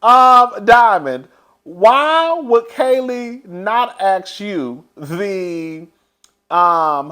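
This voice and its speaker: A high-pitched, fairly bright male voice belongs to a show reviewer giving a casual, gossipy recap. He spills gossip, addresses listeners as "girl," and keeps laughing.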